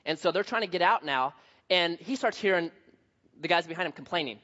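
High-voiced man preaching a storytelling sermon. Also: fairly quick. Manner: storytelling, animated, shifting from hushed to loud. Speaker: pastor. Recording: dull lo-fi sound.

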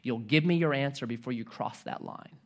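A man's voice: medium pitch, fairly quick, pitched below the performer's own voice, lightly acted. A man voicing a stern old Roman envoy.

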